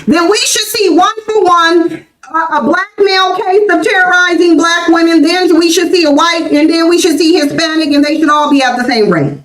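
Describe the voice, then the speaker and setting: Her voice extremely high with lively intonation, an American host in her forties provides livestream commentary at a moderate pace. She talks emphatically, repeating points insistently, in an echoey room on a low-quality recording.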